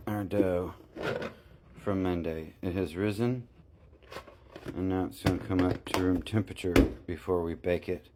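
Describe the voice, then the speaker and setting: Heavy background noise surrounds this low-pitched man chatting casually in his indoor home baking room for a vlog. He rambles and drifts into asides, using a phone mic and occasionally earbuds.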